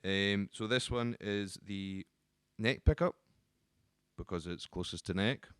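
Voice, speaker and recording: A man with a lowish, smooth, clear voice walks through the parts of a guitar in a relaxed teaching manner. He talks loosely, pausing on ums and restarting phrases. The sound is close and dry, with no room around it. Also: no room sound. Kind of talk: casual instructional explanation.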